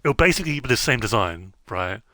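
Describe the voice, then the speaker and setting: A man's voice: mid-range voice, sing-song, a little fast, bright, forceful tone, no echo. A man streaming a game, chatting casually in a rambling way, with many fillers and self-interruptions. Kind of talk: casual gameplay chat.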